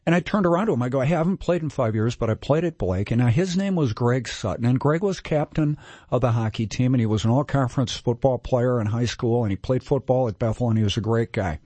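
A man's voice: mid-range voice, fast, warm tone, no room sound. Man in his sixties from Minnesota, guest storyteller, candid and self-mocking, dry close sound. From Minnesota, USA. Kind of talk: casual storytelling.

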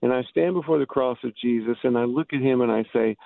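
Gravelly guy on a dry phone line, halting, lots of restarts, explaining stuff. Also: medium pitch. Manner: halting, frequent restarts and fillers. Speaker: author and Bible scholar. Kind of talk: interview guest explaining.

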